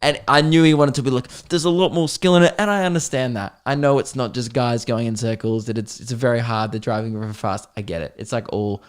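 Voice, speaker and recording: An Australian man tells a comic story on his podcast, animated and exasperated, with plenty of swearing. His voice is clear and smooth at an everyday male pitch. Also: brisk, few pauses. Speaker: podcast host. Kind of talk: comedic storytelling.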